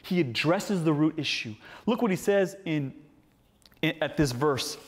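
A man, a pastor preaching a sermon with animated delivery and playful asides. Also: fairly high pitch, a little slow, in a large hall.

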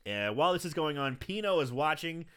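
A man chats through a film recap in a casual podcast. His voice is bright and swings widely in pitch. He jumps into quoted lines with sudden energy. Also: brisk, clean tone. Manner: animated, swears often, acts out quoted lines in bursts. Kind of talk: casual chat.

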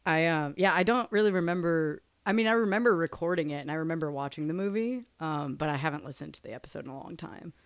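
A woman's voice: low voice, quick pace, few pauses, dry recording. A young woman co-hosting a podcast in casual, giggly, rambling chat. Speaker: podcast co-host.

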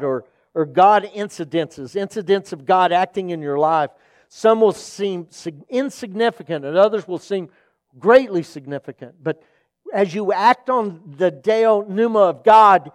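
Male pastor preaching, earnest storyteller who voices his characters, pitched a bit high, dry close sound. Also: dry recording. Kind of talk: sermon with personal storytelling.

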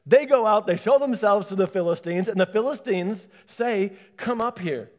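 A man preaching a sermon as pastor, animated, acting out the voices he quotes. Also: high voice, normal speed, muffled recording.

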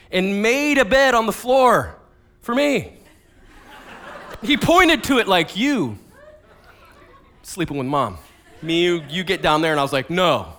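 Animated, chatty male pastor. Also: sits high. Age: 40s. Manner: conversational, animated storytelling with many fillers and restarts. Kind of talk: casual sermon with personal stories.

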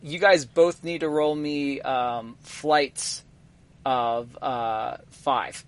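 A man running a tabletop game as game master, narrating the scene in a halting way full of ums and uhs. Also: medium pitch, fairly even intonation.

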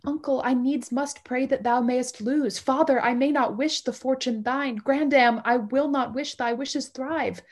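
A woman's voice: high voice, steady tone, a little slow, few pauses, pitched above the performer's own voice. A woman reading a torn, grieving young bride. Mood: anguished. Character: young bride torn between two warring sides. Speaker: play reader. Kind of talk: Shakespeare play reading.

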